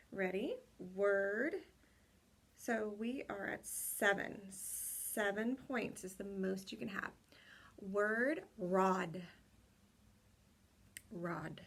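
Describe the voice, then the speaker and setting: Creaky-voiced woman teaching young kids. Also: mid-range voice. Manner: slow, spells words letter by letter, encouraging. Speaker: kindergarten teacher. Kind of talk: spelling and tally lesson for young children.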